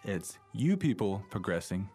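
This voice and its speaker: A man's voice: on the low side, big pitch swings, moderate pace, warm tone, husky, soft background music. A man co-hosting a bilingual podcast lesson, asking questions and spelling out tones and meanings. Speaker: podcast co-host, learner's side.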